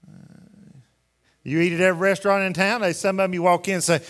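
A man delivers a folksy, emphatic sermon in a fairly high voice. His words ring out with a long reverb through the church sanctuary. He keeps pressing the congregation with rhetorical questions. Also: level tone, brisk, a bit bright. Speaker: pastor.

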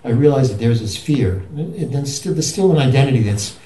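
Halting man, dark voice, off-mic. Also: medium pitch, expressive, echoey room, far from the mic, poor audio. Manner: halting, searching for words, many restarts. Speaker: retreat participant asking a question. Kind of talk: rambling spoken question.

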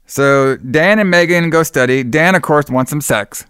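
A man's voice: on the high side, normal speed, fairly bright tone, clean tone, no echo, clean studio sound. A man co-hosting a podcast, recapping a horror film in casual, profane, rambling chat. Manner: rambling, profane, acts out quotes. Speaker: podcast co-host.

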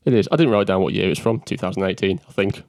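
A man's voice: low voice, fast talker, gravelly, a little mellow, dry recording. A man co-hosting a podcast in casual chat, laughing often and poking fun at himself, a bit coughy from an allergy. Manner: laughs often, self-mocking banter. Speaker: podcast co-host. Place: living room. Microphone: podcast mic.

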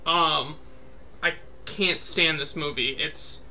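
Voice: mid-range voice, slow pace, sharp tone, slight background noise. A podcast host giving an irritated, profane, sarcastic spoken movie review. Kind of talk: casual spoken review rant.

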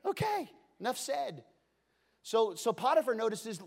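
A high-pitched man preaching with animated, joking energy. He talks to the congregation like a friend, drifting from playful asides into earnest appeals. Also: normal speed. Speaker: pastor. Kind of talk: sermon.

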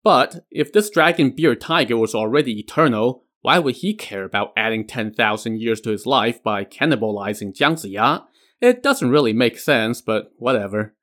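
A man's voice: medium pitch, expressive, moderate pace, a bit bright. A man hosting a podcast, retelling a legend with casual asides. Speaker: podcast host. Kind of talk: storytelling narration.

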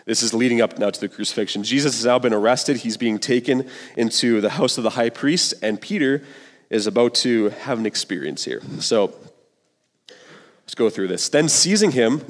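A man's voice: mid-range voice, animated, moderate pace. Man preaching in a reverberant hall. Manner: conversational, slangy, earnest. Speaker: pastor. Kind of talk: sermon.

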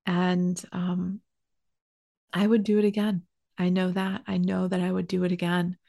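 A young woman hosts a podcast, sharing personal stories casually in a fairly low, gravelly, warm voice with a level tone and measured pace. The recording is dry. She's chatty and emotional, running her sentences together with plenty of fillers and restarts.

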